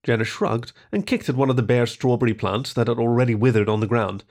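A man narrating a short story in an expressive reading voice. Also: medium pitch, quick pace, few pauses.

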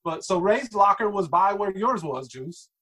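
High-voiced chatty male co-host. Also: expressive, moderate pace, crowd noise, poor audio. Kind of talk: casual chat, recalling a story.

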